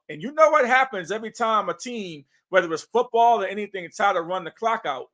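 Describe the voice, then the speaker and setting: A man's voice: high-pitched, animated, a little fast, fairly bright tone. A man co-hosting a sports podcast, talking basketball in an emphatic, punchy, hyped-up way. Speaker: podcast co-host. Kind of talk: casual sports talk.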